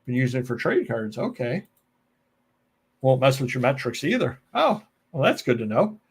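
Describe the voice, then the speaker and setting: A man's voice: medium pitch, big pitch swings, normal speed, slightly rough. An American man hosting a live stream alone, chatting casually, joking, going off on tangents and answering viewer comments. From United States. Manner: rambling, joking, goes off on tangents. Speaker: live show host.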